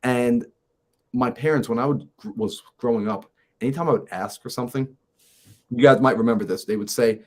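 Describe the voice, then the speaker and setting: A man, a mindset coach and podcast guest, telling a personal story in a lively way and acting out the conversations in it. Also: medium pitch, fairly quick. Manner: lively, acts out conversations in his stories.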